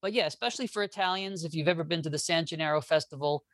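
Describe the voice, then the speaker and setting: Brief: male guest historian, lively and jokey, restarts a lot, dry close recording. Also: on the high side, very fast, no echo. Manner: animated, joking, restarts often. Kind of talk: casual interview talk.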